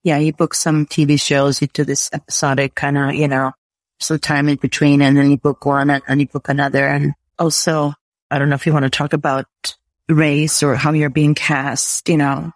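A host with a mid-range voice leads the interview, asking open questions that wander and circle back with fillers. The delivery is casual and unhurried. The recording is close and dry. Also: mid-range voice, flat delivery, dry recording. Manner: loose, hesitant questioning with fillers. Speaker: podcast host. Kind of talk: conversational interview.

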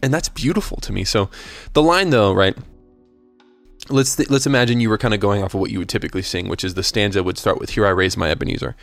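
A man with a lowish voice talks through hymn lyrics and belief in an earnest, thoughtful, conversational way. He restarts phrases often and keeps checking in with the listener. Soft music plays faintly behind him. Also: fast talker, vocal fry. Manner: thoughtful and earnest, with frequent restarts and tag questions. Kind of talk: casual explanation of hymn lyrics and faith.

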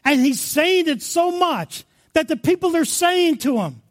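High-voiced, slow-preaching male pastor. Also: sing-song. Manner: impassioned preaching that swings between hushed and loud. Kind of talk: sermon.

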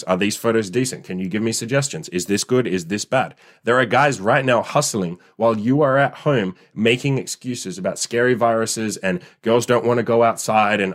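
A man hosting a podcast as a dating coach. He delivers a blunt, profane, fired-up motivational rant that scolds his listeners. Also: medium pitch. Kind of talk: ranting motivational podcast monologue.

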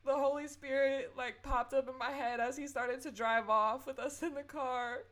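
A young woman hosts a personal podcast episode, her voice a touch higher than most. She talks with earnest, tearful sincerity. She leans into faith-filled encouragement for her listeners. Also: fairly even intonation, moderate pace, pushed and bright. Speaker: podcast host.

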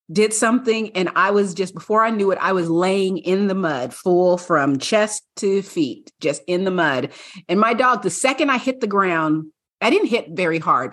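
Husky woman telling a lively story. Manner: animated storyteller, acts out her dogs in high voices, laughs often. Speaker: podcast co-host. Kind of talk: casual chat.

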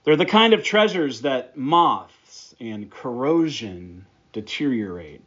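A man's voice: medium pitch, lively intonation, takes it slowly, fairly bright tone, breathy edge, lo-fi sound. A man preaching a sermon, praying and then teaching through a Bible passage with emphatic, repeated phrases. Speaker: pastor.

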